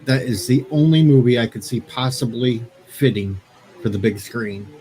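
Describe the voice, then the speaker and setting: A man, a panelist on a live-stream show, laying out his opinion quickly and firmly. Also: medium pitch, dark tone, a little hiss or hum, poor audio.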